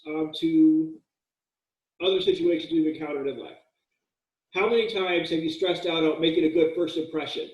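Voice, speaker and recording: Man, college lecturer, casual, jokey, fillers and restarts, roomy echo. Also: on the high side. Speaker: college writing instructor. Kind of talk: recorded lecture. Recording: echoey room, mic at a distance.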